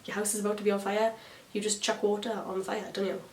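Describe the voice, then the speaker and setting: A woman's voice: mid-range voice, level tone, fast talker, crowd noise. Young woman, chatty beauty vlogger, lots of "like", echoey room, slightly distant mic. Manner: chatty, storytelling, swears, says like a lot. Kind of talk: chatty get-ready-with-me vlog.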